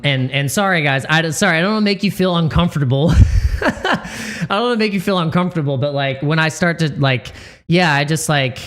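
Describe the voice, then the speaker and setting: A man of middle pitch hosts a casual livestream, and his voice is choked up and tearful. He stumbles through restarts and fillers as emotion catches him. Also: a bit bright. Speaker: crypto livestream host.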